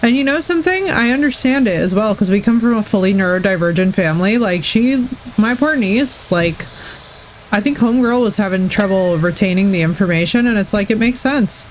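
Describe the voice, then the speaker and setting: A young adult woman streamer in casual live-stream chat, gushing and excitable as she talks to her chat. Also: mid-range voice, brisk, a little hiss or hum, poor audio.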